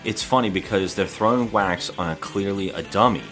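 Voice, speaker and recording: A man's voice: low-pitched, fairly quick, a bit bright, soft background music. A man co-hosting a podcast, chatting about a horror movie and mimicking its lines with laughs. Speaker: podcast co-host. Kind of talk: casual movie review chat.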